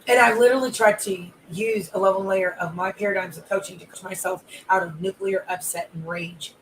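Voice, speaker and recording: Calmly enraged coach with piled-up lists. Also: medium pitch, fairly quick, a little hiss or hum, rough recording. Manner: controlled anger, long repetitive lists of grievances. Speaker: life and wellness coach. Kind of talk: live audio-room monologue.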